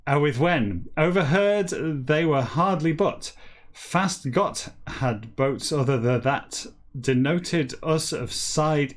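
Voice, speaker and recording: Deadpan man reading in reverse. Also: on the high side. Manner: deadpan, dry and self-mocking. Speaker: host reading a novel backwards. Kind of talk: comic deadpan reading with wry asides.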